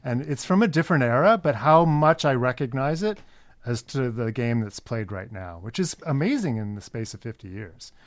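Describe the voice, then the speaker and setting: A man's voice: medium pitch, animated, normal speed, no room sound. A man hosting an interview, talking in an affirming, conversational way. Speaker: podcast host.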